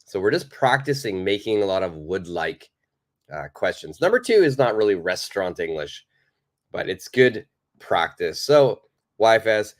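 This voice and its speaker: Male English teacher, slightly low voice, energetic live-lesson delivery. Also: normal speed. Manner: lively, emphatic explaining, reads viewer comments aloud.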